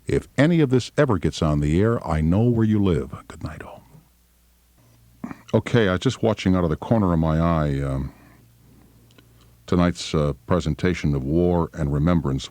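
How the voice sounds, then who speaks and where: A man's voice: low voice, a little mellow, no room sound. A man in his fifties, a talk radio host making casual, wry off-air remarks at a studio microphone. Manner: wry, conversational, gruff asides.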